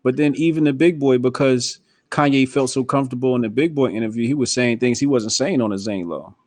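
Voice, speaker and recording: A man's voice: mid-range voice, a little fast, no room sound. Podcast host guy, casual and slangy, talks like he's breaking it down for you, dry mic. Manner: relaxed, explanatory, slangy and emphatic. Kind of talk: casual political podcast chat.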